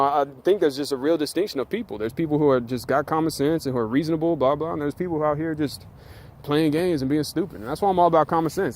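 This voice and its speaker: A man's voice: fairly high pitch, darkish tone. A man rants to camera in a slightly raised voice. His talk is loose, slangy and heavy with swearing. He repeats points for emphasis and cuts in with short laughs. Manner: profane, slangy and emphatic, with frequent laughs and filler. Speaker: vlogger. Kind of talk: casual rant to camera.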